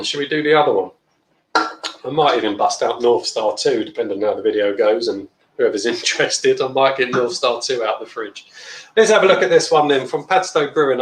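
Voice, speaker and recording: Reading viewer comments aloud, a man hosts a casual live beer review and talks bluntly throughout. He speaks at a medium pitch in an echoey room, and the audio is poor.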